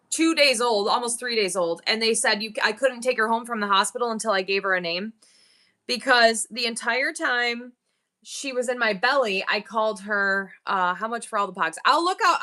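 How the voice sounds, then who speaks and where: A woman's voice: on the high side, bright, forceful tone. A woman hosting a live online sale, rambling through family stories while thanking viewers by name. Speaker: live-stream seller. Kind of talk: chatty live-sale banter.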